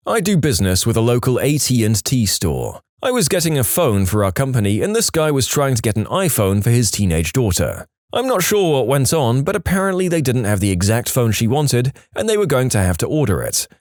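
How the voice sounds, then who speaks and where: A man reads reddit stories aloud, his pitch swinging through an animated delivery. He uses a lively, mocking storytelling manner. The recording is dry and close. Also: a little fast, hardly any pauses, no echo. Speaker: narrator.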